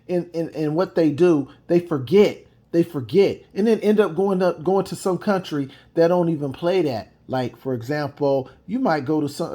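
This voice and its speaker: A man's voice: high-pitched, a little mellow. A man giving emphatic reaction commentary, repeating his points and adding mocking asides. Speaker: video commentator.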